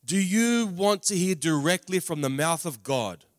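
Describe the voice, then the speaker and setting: Male preacher with a fairly high voice, dramatic emphasis and wry humor. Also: expressive, no echo, studio quality. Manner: dramatic swings in loudness, drawn-out emphatic words; humorous asides. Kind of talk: testimony sermon. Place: large camp meeting venue.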